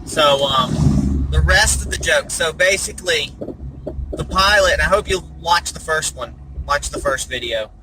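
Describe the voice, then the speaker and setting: A man's voice: fairly high pitch, measured pace, background noise. A man hosting a show, telling jokes in a rambling, folksy way with many fillers. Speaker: host. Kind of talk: casual joke-telling.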